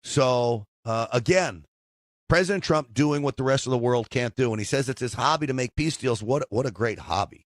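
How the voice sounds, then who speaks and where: A man hosting a call-in talk radio show, joking, bragging and riffing with animated asides into a studio mic. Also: mid-range voice, normal speed, no echo. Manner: jokey, boastful, animated asides.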